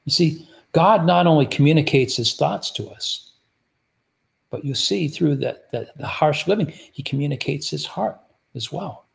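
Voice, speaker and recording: A man's voice: on the high side, expressive, unhurried, vocal fry. A man preaching a sermon, teaching through rhetorical questions he puts to his listeners. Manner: rhetorical, repeatedly asks the audience "guess what".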